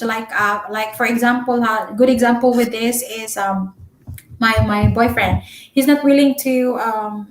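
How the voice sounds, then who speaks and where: A young Filipino-accented woman, a Cebuano speaker, giving relationship advice in a chatty, loud-spoken live-stream vlog full of fillers. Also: fairly high pitch, fairly even intonation, measured pace. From Philippines. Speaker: vlogger. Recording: echoey room.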